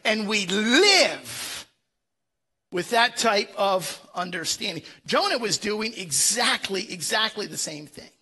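Man, sermon, bright tone, repeats words for emphasis. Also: sits high, sing-song, takes it slowly, slightly rough. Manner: emphatic preaching with frequent stammered repeats. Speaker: pastor.

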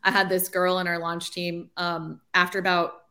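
Her delivery is completely flat, at normal speed, in a fairly low voice that sounds pushed and bright. She's a ministry leader in her forties giving a conversational testimony in an interview, full of "like" and reenactments of her own earlier thoughts.

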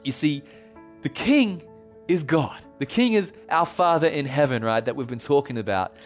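A man's voice: on the high side, animated, moderate pace, soft background music. A male pastor preaching a sermon, telling a Bible story with playful, conversational asides.

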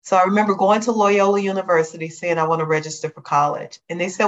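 A middle-aged woman from Chicago, a guest telling her life story in a lively, animated way. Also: fairly low pitch, quick pace, few pauses. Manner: lively, animated retelling with acted quotes. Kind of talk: storytelling interview. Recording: dull lo-fi sound.

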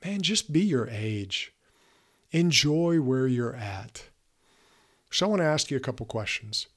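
His mid-range voice is expressive and his delivery measured as he gives listeners an earnest, emphatic motivational talk. He's a man in his fifties hosting a podcast.

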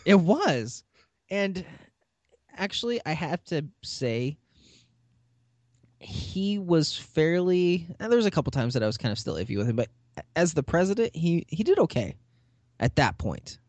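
A man's voice: on the high side, unhurried, pauses often, dry recording. A man hosting a podcast, chatting casually as he recaps a TV episode and acts out the characters' lines. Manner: lively retelling, acting out characters' lines with laughs. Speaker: podcast host.

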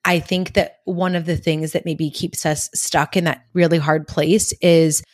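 A woman hosting a podcast, affirming her guest softly and asking reflective questions. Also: low voice, level tone, a little slow. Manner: soft, affirming listener who asks reflective questions. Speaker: podcast host. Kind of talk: conversational interview.

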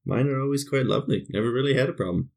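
A man's voice: mid-range voice, rapid-fire, vocal fry, darkish tone. A man co-hosting a podcast in casual chat. He rambles, laughs often and swears casually. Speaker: podcast co-host.

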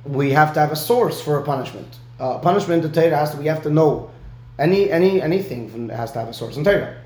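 A man's voice: fairly high pitch, fast, a little mellow, roomy sound. A man giving a one-on-one Talmud lesson, explaining step by step and often checking in with "right?". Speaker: Talmud teacher.

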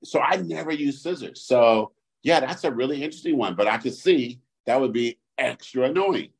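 A man's voice: mid-range voice, expressive, normal speed, creaky. A man co-hosting a podcast in casual chat, joking along and laughing often. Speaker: podcast co-host.

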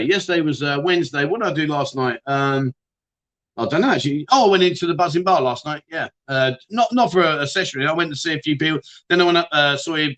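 Bright-voiced joking man. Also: on the high side. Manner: jokey, teasing banter with viewers. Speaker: livestream host. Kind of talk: casual livestream chat reading comments.

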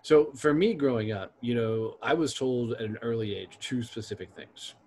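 A man's voice: medium pitch, normal speed, darkish tone, slight background noise. A man hosting a casual conversation, blunt and salty, telling stories from his own career. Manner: blunt, profane, storytelling.

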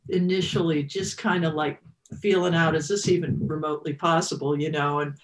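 A woman's voice: deep voice, steady tone, fairly quick. A woman in her fifties telling a personal story as an interview guest, reflective and emotional, with many restarts.

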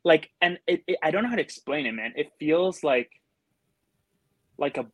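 A man's voice: on the high side, expressive, moderate pace, husky, no echo. A man telling a story as a podcast guest in a casual way, rambling and full of fillers. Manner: rambling, filler-heavy with many likes.

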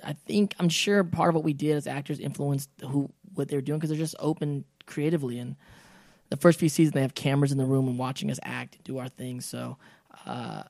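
A man's voice: mid-range voice, a little fast, gravelly, no echo, studio quality. A man talking as a voice actor guest in a casual podcast chat, acting out quotes with lots of fillers and restarts. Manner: animated, acts out quotes, many fillers and restarts.

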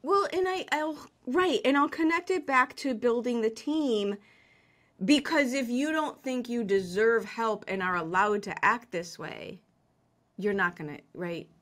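Bright, animated woman guest. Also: on the high side, unhurried. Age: middle-aged. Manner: animated, laughing, self-deprecating. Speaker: guest, business coach. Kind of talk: conversational podcast interview.

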